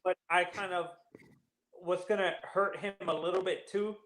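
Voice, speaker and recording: A man in a casual sports chat, building his point in halting starts and restarts. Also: high voice, steady tone, a bit bright, reverberant, low-quality recording.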